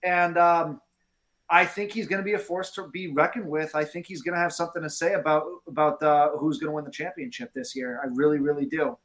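A man's voice: a little high, fairly even intonation, brisk, fairly bright tone. A man who serves as the stats co-host on a casual podcast, methodically listing numbers. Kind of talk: casual chat.

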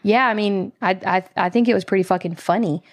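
Musician woman on a podcast, big storyteller energy, acts out the yelling. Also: medium pitch, fast talker. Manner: animated storytelling, loud acted-out quotes. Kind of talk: casual podcast chat.

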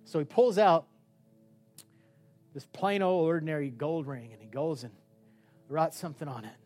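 A man preaching a sermon with passion, swinging between loud outbursts and hushed, quiet stretches. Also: on the high side, moderate pace, soft background music. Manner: impassioned, swinging from shouts to hushed tones.

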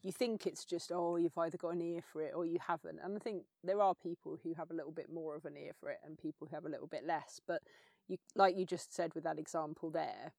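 A woman's voice: sits low, fairly even intonation, quick pace, creaky, darkish tone, dry recording, clean studio sound. Thoughtful woman interviewer, long questions. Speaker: podcast host, interviewer. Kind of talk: conversational interviewing.

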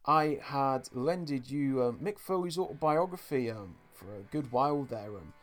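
A man co-hosting a casual podcast, walking through a cartoon episode with gusto. His voice sits at an ordinary middle pitch, and he throws himself into the retelling, acting out bits of the scenes and calling out to the folks listening. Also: measured pace. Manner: animated storyteller, acts out scenes, addresses folks. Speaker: podcast co-host.

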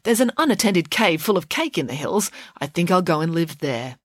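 A woman's voice: lowish voice, sing-song, normal speed, no echo. A woman doing a bossy, clever young pig girl. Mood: matter-of-fact. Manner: firm, commanding and matter-of-fact.

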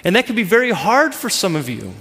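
Man, pastor, sermon, high voice, emphatic repetition, long reverb of a big hall. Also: sing-song, a little fast, pushed and bright. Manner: emphatic, repetitive preaching cadence.

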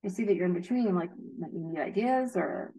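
A woman who teaches young children, giving advice in a thoughtful, gentle way. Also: lowish voice, animated, moderate pace, rough recording. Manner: thoughtful, gentle, hedging with fillers. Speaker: early childhood educator. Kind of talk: casual advice chat.

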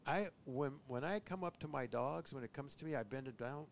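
A man who trains bird dogs, chatting on a podcast and giving tips, who often acts out owners and dogs in a higher voice. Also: fairly quick, vocal fry, a little hiss or hum. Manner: animated, mimics owners and dogs in a high voice. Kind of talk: casual podcast chat.

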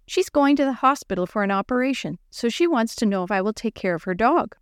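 A woman voicing an eager young schoolgirl in a children's story, a little higher and bright. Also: animated, fast, dry recording, clean studio sound, natural voice.

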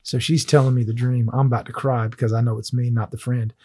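A man's voice: medium pitch, level tone, fast, dark tone, slight background noise. A man hosting a faith conversation, telling a personal testimony in an earnest, emotional way.

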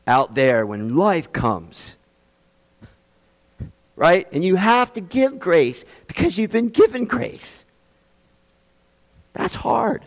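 A man preaching a sermon as a pastor, emphatic, speeding up for asides and slowing to stress key phrases. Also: high-pitched, very animated, long reverb tail. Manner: emphatic, shifts between quick asides and slow stressed phrases. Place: church in Austin, Texas.

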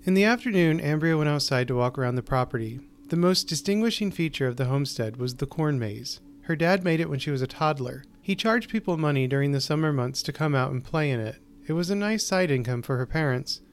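A male host narrates a short story in a measured, deliberate reading, slowing down on key phrases. His voice sits a little above the usual male pitch, clear and even.

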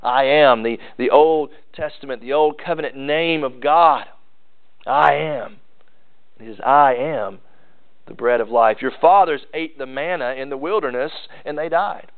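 A pastor preaching a sermon in an earnest manner, repeating phrases and shifting emphasis. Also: male voice, medium pitch, moderate pace. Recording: phone-like narrow sound.

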